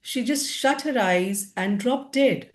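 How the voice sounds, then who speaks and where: A woman voicing a male hunter in a story, speaking earnestly with a slightly raised pitch. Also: slow pace. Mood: pleading. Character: male hunter, pleading and puzzled. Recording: roomy echo.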